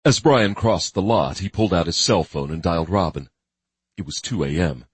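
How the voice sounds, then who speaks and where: A man giving steady, grim scripted narration of a thriller audiobook. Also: low-pitched, normal speed, breathy edge, no echo.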